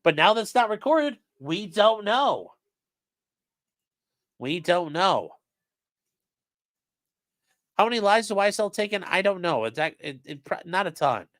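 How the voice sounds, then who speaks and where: Brief: male streamer, lively, a bit high-pitched, swears freely, dry close sound. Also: fast, hardly any pauses, no room sound. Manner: profane, animated, reads quotes in shifting voices. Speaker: legal commentary streamer. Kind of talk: casual live-stream commentary reading a transcript.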